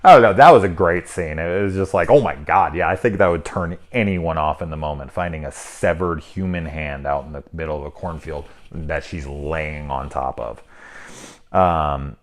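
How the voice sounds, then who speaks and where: Deep-voiced man ranting about a movie. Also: normal speed. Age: 30s. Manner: rambling, profane, sarcastic asides. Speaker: movie review host. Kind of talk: casual spoken movie review.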